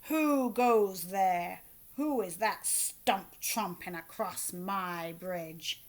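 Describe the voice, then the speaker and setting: A woman voicing a greedy, dim-witted troll who growls and shouts slowly. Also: lowish voice, expressive, heavily acted. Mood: gruff. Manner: loud, slow and growling.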